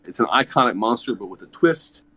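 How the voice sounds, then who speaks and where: A man's voice: medium pitch, lively intonation, brisk, bright, forceful tone. A man chatting casually as a guest who wrote a zine, talking in loose, rambling sentences full of fillers and restarts. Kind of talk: casual chat.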